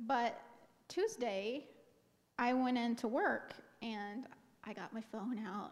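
A woman's voice: on the high side, moderate pace. Middle-aged woman telling her testimony in a reverberant hall. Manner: lively, expressive storytelling. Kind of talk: personal testimony to a congregation. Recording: long reverb of a large hall.

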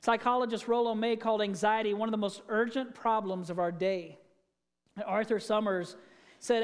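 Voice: medium pitch, fairly even intonation, normal speed, clear, resonant tone, long reverb tail. A pastor preaching a sermon in a conversational way, asking the congregation questions and telling stories.

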